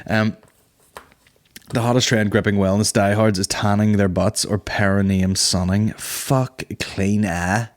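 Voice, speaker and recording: A man in his thirties hosting a comedy podcast, talking in a loose, rambling monologue. His voice sits on the lower side, and he swears constantly and laughs at his own jokes. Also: steady tone, unhurried. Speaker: podcast host.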